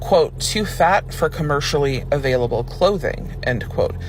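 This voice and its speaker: A man's voice: on the high side, lively intonation, normal speed, slight background noise. A man in a casual explainer video, reading quotes aloud and talking chattily with lots of "like". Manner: chatty, reads quotes aloud, many fillers like "like". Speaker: video creator explaining terms.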